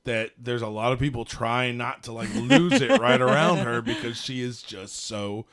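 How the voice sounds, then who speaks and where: A man co-hosting a podcast, talking in a rambling, animated way and laughing as he tells stories. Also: mid-range voice, moderate pace, over a noisy crowd. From American South. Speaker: podcast co-host. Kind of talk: casual chat.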